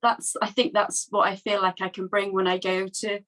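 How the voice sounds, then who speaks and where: A Welsh woman training as a therapist speaks nervously and from the heart in a casual workshop discussion, halting and restarting as she goes. Her voice is medium-pitched, level, and a bit bright, and the video-call audio is poor.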